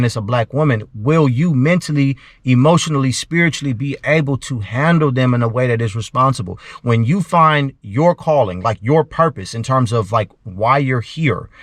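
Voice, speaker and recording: A man hosting a commentary show, talking in a preachy monologue and often clearing his throat. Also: medium pitch, fairly bright tone, no room sound.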